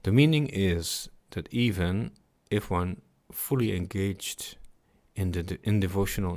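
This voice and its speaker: A man slowly reading and explaining devotional scripture, chanting at times, pausing to reflect and repeating his words. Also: low-pitched. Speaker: scripture reader. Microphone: computer mic on a livestream.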